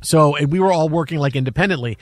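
A man's voice: a little high, quick pace, no echo. A man in his fifties hosting a sports talk show, chatting loosely and telling rambling stories with lots of repeated yeahs. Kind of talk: casual chat.

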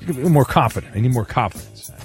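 A man hosting a late-night sports radio show, reading quiz clues in a brisk, jokey way. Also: medium pitch, expressive, faint music behind. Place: radio studio.

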